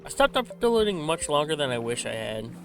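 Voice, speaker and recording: Male gaming vlogger, fairly high bright voice, loose rambling talk with a slight stutter, faint music underneath. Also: big pitch swings, brisk, creaky. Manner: rambling, self-correcting, frequent restarts. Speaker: gaming channel host. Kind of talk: laid-back rambling commentary while playing. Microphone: desk microphone with a simple filter.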